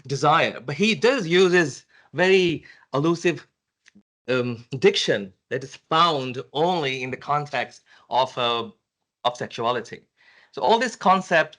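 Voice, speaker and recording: Answering a question at an academic conference, a man stumbles through with many fillers and restarts. The setting is a university lecture room, and his mid-range voice has a fairly bright tone.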